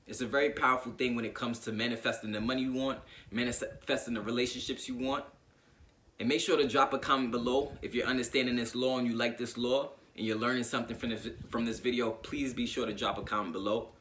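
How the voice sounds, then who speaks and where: Bright-voiced man giving a casual motivational talk. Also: mid-range voice. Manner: informal and conversational, often checks in with "right?"; repeats and rephrases his points. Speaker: self-help YouTuber.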